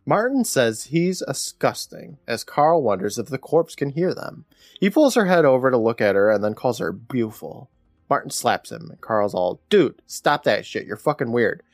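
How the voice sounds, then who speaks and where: A man co-hosting a podcast, retelling an episode from his notes in a wry, deadpan way with frequent laughs. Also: mid-range voice, normal speed, dry recording, studio quality. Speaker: podcast co-host recapping an episode. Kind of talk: casual chat, recapping from notes.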